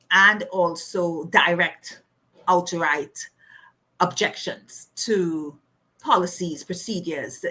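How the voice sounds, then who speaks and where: A middle-aged woman with a voice on the low side tells a personal story as an interview guest. She's animated, laughs often, and acts out the voices of the people she quotes.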